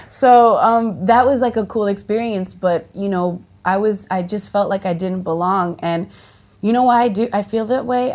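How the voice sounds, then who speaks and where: An actress from the United States of Dominican heritage, chatting casually in an interview, full of fillers and restarts and lively quoted voices. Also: female voice, medium pitch. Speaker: actress and singer, guest.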